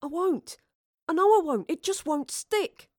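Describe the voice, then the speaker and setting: A woman's voice: expressive, measured pace, darkish tone, no echo, studio quality. A woman playing a jittery young actor. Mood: anxious. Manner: anxious, high and strained. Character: nervous young male actor, frets about forgetting lines.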